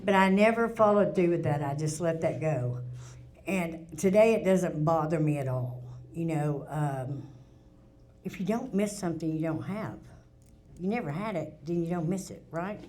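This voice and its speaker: A woman's voice: low voice, normal speed, a little mellow. A middle-aged woman, telling her recovery story at a meeting in a candid, plainspoken way with frequent restarts. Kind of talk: personal testimony at a recovery meeting. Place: meeting room.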